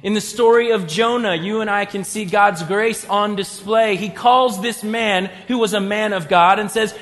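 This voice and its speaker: High-voiced male preacher in a reverberant hall. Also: moderate pace, hardly any pauses, a bit bright. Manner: conversational preaching, retells scripture dramatically. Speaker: pastor. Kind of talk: sermon.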